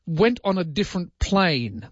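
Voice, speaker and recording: A man's voice: high voice, sing-song, measured pace, dry recording, highs cut off. A man hosting talk radio, wry and rambling with jokey asides. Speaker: radio host.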